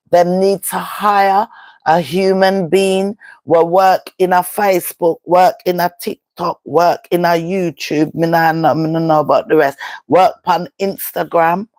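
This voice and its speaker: Jamaican woman vlogger, slow and emphatic, patois chat, dry close sound. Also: fairly low pitch, fairly even intonation, darkish tone, dry recording. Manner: talks in patois, emphatic and rhetorical. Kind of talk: casual live-stream chat.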